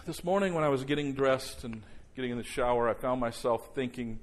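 A man preaching a sermon as pastor before a congregation, slowing right down and dropping to a near hush for emphasis, then rising loud. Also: mid-range voice. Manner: slows down and drops soft for emphasis, then rises loud. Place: church service before a congregation.

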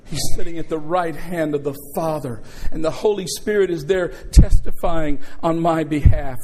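A man's voice: on the high side, darkish tone, a little hiss or hum. A middle-aged male pastor preaching a sermon, telling a story and calling out to his congregation. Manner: call-and-response preaching, storytelling.

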